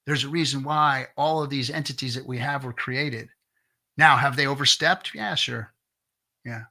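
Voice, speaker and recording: A man's voice: medium pitch, moderate pace, sharp tone. A middle-aged man hosting a casual livestream, ranting bluntly with lots of swearing and restarts, reading chat comments. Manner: blunt, profane, restarts often.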